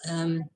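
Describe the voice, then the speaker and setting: A woman hosting a live spiritual talk, speaking in a relaxed, hesitant way, repeating words and laughing softly between thoughts. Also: lowish voice, rough recording. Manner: slow, hesitant, halting speech that repeats words. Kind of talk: casual, reflective live talk.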